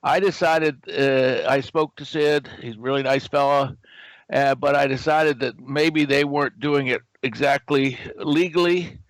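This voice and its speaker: A man's voice: medium pitch, a little slow, no room sound, poor audio. An older American man telling a story as a guest and acting out the lines he quotes. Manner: animated storyteller who acts out quoted dialogue. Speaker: guest, game company founder. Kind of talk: anecdotal storytelling.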